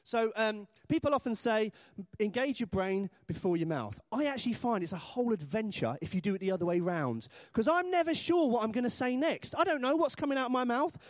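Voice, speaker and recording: Man preaching in church, from britain, lively bouncing pitch, dry close sound, chatty self-deprecating humor. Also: brisk, hardly any pauses, no echo. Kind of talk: sermon.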